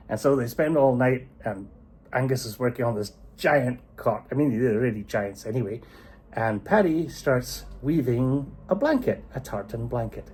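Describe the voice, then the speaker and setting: A man's voice: mid-range voice, normal speed, slightly rough. A man telling a folk tale casually and with animation, chuckling and poking fun at himself. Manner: animated, chuckling, self-deprecating. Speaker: storyteller.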